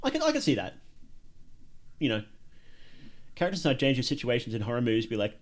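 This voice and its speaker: A man's voice: mid-range voice, wildly swooping pitch, fast, long pauses. A man chatting casually as a streamer reacting to horror videos, joking and rambling, laughing often. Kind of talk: casual livestream reaction commentary.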